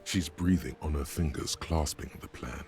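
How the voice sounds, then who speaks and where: An actor voicing a grave male game narrator, describing scenes in a slow, measured way. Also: extremely low pitch, darkish tone, faint music behind. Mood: somber.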